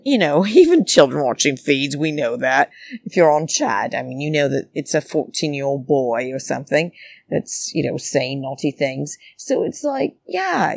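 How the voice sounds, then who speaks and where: A woman's voice: lowish voice, creaky, dry recording. A woman ranting heatedly to her listeners, swearing and calling them darlings. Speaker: podcast or vlog host. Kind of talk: casual rant. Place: flat in a big city.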